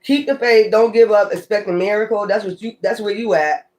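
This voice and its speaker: A man's voice: high voice, fairly even intonation, a little fast, darkish tone. A man doing a casual tarot reading, talking straight to his viewers, cursing often and laughing between cards. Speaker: tarot reader.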